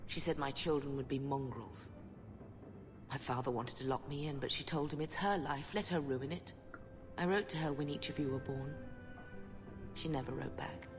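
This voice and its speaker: A woman's voice: very deep voice, normal speed, long pauses. Grieving middle-aged mother. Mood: sorrowful. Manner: soft, sorrowful and earnest. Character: grieving noble mother of grown children, gentle and earnest. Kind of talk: video game dialogue. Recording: long reverb on game voice. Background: game music.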